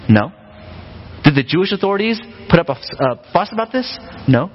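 A pastor preaching a sermon in a relaxed, conversational way, often asking the congregation rhetorical questions. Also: male voice, sits high, normal speed. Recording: long hall reverb, dull lo-fi sound.

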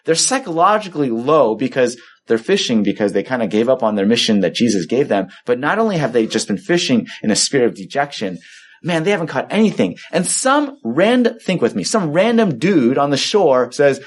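Man, pastor, online sermon, conversational, acts out the story's voices, lively pitch. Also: fast talker.

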